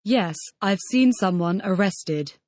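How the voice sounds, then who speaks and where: In a scripted audio language lesson, a woman reads the model answers, turning each question into a full-sentence reply as the model student in the drills. Her voice is medium in pitch, expressive and slow, with a darkish tone. The studio-quality recording has no room sound.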